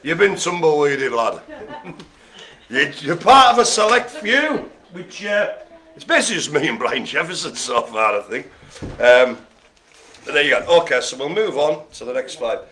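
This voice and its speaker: A man calling bingo with a bright, forward voice that swings up and down. He jokes, tells puns and laughs a lot, chatting away between the numbers. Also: on the high side, very animated, moderate pace. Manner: chatty, rambling asides. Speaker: bingo host. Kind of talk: live-streamed bingo calling.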